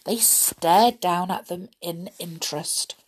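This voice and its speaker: A woman reading a children's storybook aloud, in a gentle, expressive read-aloud tone. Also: on the low side, slow, slightly rough.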